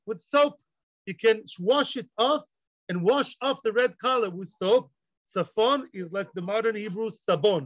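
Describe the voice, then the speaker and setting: A man with a fairly high voice teaches a Talmud class, playfully acting out each side of the dispute and dropping Hebrew and Yiddish terms into his talk. The recording is dull and lo-fi, with a dry, close sound. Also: a bit bright, dry recording. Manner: acts out both sides of the argument, playful.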